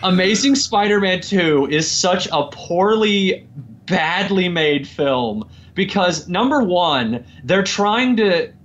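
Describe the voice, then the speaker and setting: An animated man tears into a film on a casual podcast. His voice sits a bit high and swings widely, and he laughs often while he talks. The audio sounds dull and lo-fi. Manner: animated, laughs often, mimics people in a slow low drawl. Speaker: podcast guest. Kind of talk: casual chat, movie rant.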